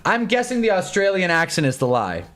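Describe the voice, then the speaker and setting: A young man with a high voice and a Midwestern American accent is live-streaming a football game, casually telling a dating story in an animated, laughing way. He breaks off now and then for quick comments on the game, with soft music playing in the background.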